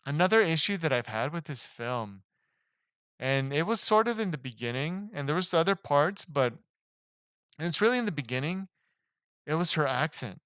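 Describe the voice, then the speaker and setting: Guy rambling thru a movie review, lots of likes and restarts, smooth clear voice. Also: a little high, expressive, normal speed, fairly bright tone, no room sound, clean studio sound. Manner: rambling and hesitant, with many fillers and restarts. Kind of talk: casual spoken film review.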